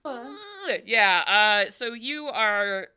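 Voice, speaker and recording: A woman with a bright, forward tone and a gravelly edge on her words runs a tabletop game. She talks in a chatty, explanatory way, full of fillers as she works through the rules. Her voice sits a little low for a woman. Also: lively intonation, moderate pace. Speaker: game master.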